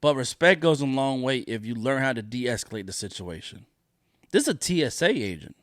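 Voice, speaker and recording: Sing-song and a bit bright, this man's mid-range voice moves a little fast as he hosts a solo podcast. He rants with profane indignation and hammers his points by repeating them, on a dry, studio-quality recording.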